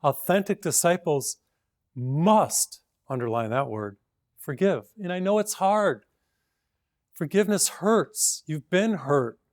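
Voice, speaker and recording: A male priest giving a short homily in an earnest, storytelling way, gently urging his listeners. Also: on the high side, no room sound, studio quality.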